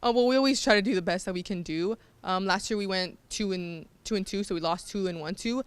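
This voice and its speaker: A woman's voice: mid-range voice, quick pace, smooth. A teenage girl student leader answering questions hesitantly, with frequent ums. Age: teens. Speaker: mock trial leader.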